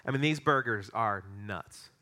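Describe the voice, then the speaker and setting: A middle-aged man preaching a sermon, telling a story with animated, excitable energy. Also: mid-range voice, a little slow. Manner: storytelling, animated, rising to excited peaks in anecdotes. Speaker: pastor.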